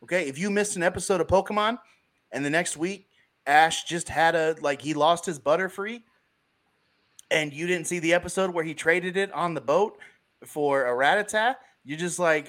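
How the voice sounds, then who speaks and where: A young adult man hosting a casual sports podcast over a video call, riffing in an animated way. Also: fairly high pitch. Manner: animated, riffing, quick asides. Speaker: podcast host.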